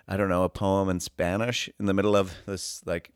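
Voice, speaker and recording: A man's voice: sits low, level tone, a little fast, clear, resonant tone, no room sound, studio quality. Teasing man co-hosting a comedy podcast. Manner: teasing, mock-indignant. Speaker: podcast co-host. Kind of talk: casual comedic chat.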